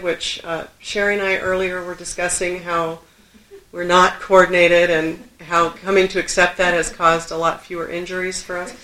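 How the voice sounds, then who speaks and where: A woman's voice: on the low side, sharp tone. A middle-aged woman from Southern California telling a personal story to a live audience, self-deprecating and laughing often. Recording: roomy echo.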